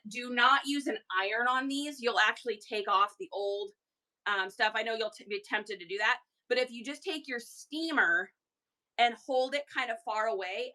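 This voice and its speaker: A woman hosting a reseller livestream, chatty and animated with rambling asides. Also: on the high side. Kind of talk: casual livestream chat.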